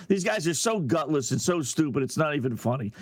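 Brash high-voiced sports radio host. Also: male voice, big pitch swings, fairly quick, husky, no echo. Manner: brash, sarcastic, rambling, mocks reporters. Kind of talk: sports talk radio monologue.

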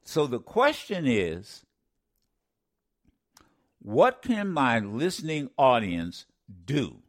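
A man's voice: mid-range voice, big pitch swings, extremely slow. A man hosting a talk radio show, commenting with passion, often stammering and restarting, repeating lines for emphasis like a preacher.

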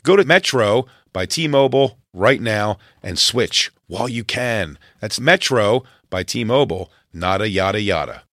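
A man's voice: expressive, measured pace, few pauses, fairly bright tone, dry recording, clean studio sound. Man reading a podcast ad, upbeat. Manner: upbeat sales pitch. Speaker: podcast host. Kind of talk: host-read ad.

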